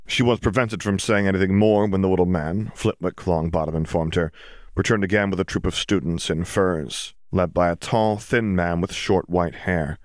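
Man, audiobook narration, deep voice, dry recording, steady. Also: no echo. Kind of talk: audiobook reading.

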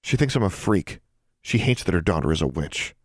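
A man reading an audiobook, voicing a hurt, sharp-tongued teenage witch girl in a raised, sharp voice. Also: expressive, a little fast, dry recording, studio quality. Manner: pitched up, hissing and sharp when angry.

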